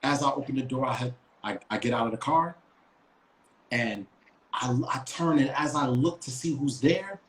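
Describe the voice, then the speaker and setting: A man's voice: medium pitch, normal speed. A man co-hosting a podcast, telling a story in a casual, emphatic, profane way with lots of restarts. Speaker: podcast co-host. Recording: roomy echo.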